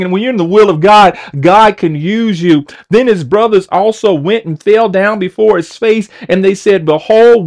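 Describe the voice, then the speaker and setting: A middle-aged man, a pastor, preaching a sermon and reading scripture, often repeating words and calling on listeners to answer. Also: high voice. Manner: repeats words and stumbles, calls for responses.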